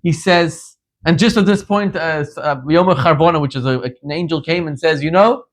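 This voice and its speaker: A man from Zimbabwe, a rabbi, giving a sermon in an animated, emphatic storytelling manner. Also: a little high, moderate pace.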